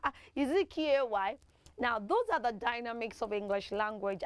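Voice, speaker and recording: A woman's voice: sits high, clear, resonant tone, no room sound. A woman presenting a children's TV lesson, coaxing the kids through call-and-response pronunciation drills. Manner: animated, coaxing teacher who leads call-and-response drills.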